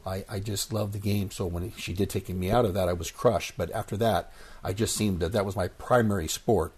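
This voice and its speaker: A former baseball player in his sixties, appearing as a guest on a casual storytelling interview, speaks in a husky voice that sits on the low side. He tells his stories with animation, acting out the voices he quotes.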